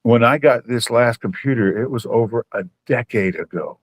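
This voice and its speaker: A man's voice: mid-range voice, moderate pace. A man joining a live stream as a guest, chatting casually, bluntly joking and swearing.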